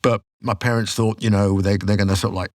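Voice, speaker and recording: A man, telling stories as a podcast guest in an animated, casual way. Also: lowish voice, fast talker, no room sound, studio quality. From England. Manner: animated storyteller, acts out quotes. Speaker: podcast guest, rock singer. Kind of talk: casual storytelling.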